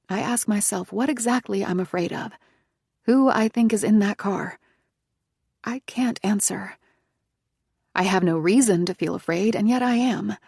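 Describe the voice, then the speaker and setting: A woman narrating a psychological thriller audiobook in the first person, in a tense, hushed manner. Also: fairly low pitch, creaky, husky, no room sound, studio quality.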